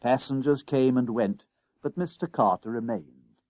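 A man reading his own children's book aloud as narrator, crisp and expressive. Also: mid-range voice, a little slow, dry recording. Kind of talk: storybook narration.

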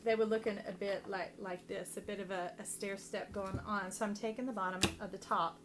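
A woman giving a casual, chatty tarot reading to her viewers, affectionate and quick to laugh. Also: mid-range voice, flat delivery, noisy background. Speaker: tarot reader.

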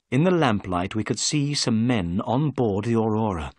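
A man giving clear, measured narration of a graded reader story. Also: fairly low pitch, lively intonation, darkish tone, dry recording, clean studio sound.

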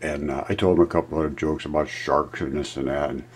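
A man's voice: rumbling low, steady tone, brisk, a little hiss or hum. A man vlogging in a rambling, storytelling way, losing his thread and restarting as he explains his ideas. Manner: meandering, loses track and restarts. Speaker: amateur science vlogger.

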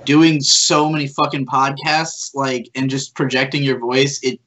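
A man from the American South, a guest on a podcast, chatting in a relaxed, profane way. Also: mid-range voice, unhurried, rough recording. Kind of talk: casual podcast banter.

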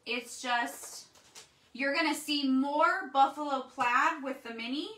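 A woman's voice: sits high, slow pace, fairly bright tone. A woman hosting a casual live craft demo, chatting with viewers and reading their comments as she works. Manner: chatty, talks to viewers as guys. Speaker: craft livestream host. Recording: roomy echo, mic at a distance, faint background noise.

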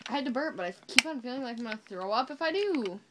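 Casting: high, animated woman gamer, crude and silly, noisy home mic. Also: fast talker. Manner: joking, crude, playfully dramatic. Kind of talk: casual chat while gaming.

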